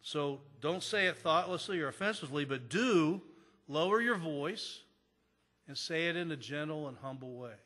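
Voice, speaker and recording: A pastor preaching a sermon in an earnest manner, repeating key phrases for emphasis. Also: male voice, a little high, lively intonation, moderate pace, pushed and bright. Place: church sanctuary. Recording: long church reverb.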